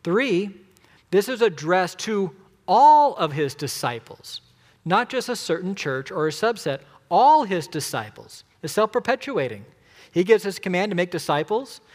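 Emphatic male preacher in a reverberant hall. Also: sits high. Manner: emphatic, rhetorical questions to the audience. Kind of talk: sermon.

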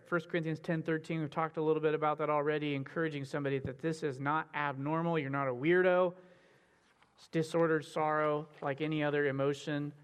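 Male preacher, slightly high voice, conversational teaching tone, lingering hall echo. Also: smooth. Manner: earnest, conversational, with frequent fillers. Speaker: teacher on biblical counseling. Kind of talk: sermon-style teaching with read scripture.

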